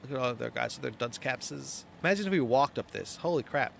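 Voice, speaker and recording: A man's voice: mid-range voice, animated, a little fast, vocal fry, fairly bright tone, a little hiss or hum. A man chatting casually as he plays through a video game, easily amused and rambling. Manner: chatty, easily amused, wanders between thoughts. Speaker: game streamer. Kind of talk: casual gameplay commentary.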